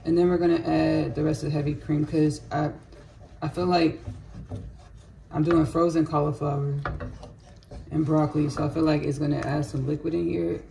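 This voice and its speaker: A woman's voice: low voice, flat delivery, normal speed, gravelly, long pauses, dark tone, slight background noise. A woman who hosts a home cooking vlog. She talks casually and rambles, drifting into spiritual asides as she cooks in her kitchen. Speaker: home cook vlogger.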